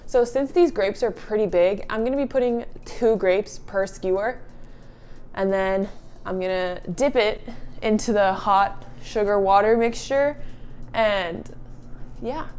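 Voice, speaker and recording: Excitable young woman cooking on camera. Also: mid-range voice, unhurried, a little hiss or hum. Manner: excitable and nervous, laughs often, says "like" a lot. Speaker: food vlogger. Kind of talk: casual cooking vlog.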